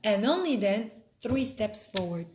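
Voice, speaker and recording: A woman teaching an informal Torah lesson in an expressive way, often asking her listeners questions. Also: mid-range voice, a little slow. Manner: expressive, asks rhetorical questions.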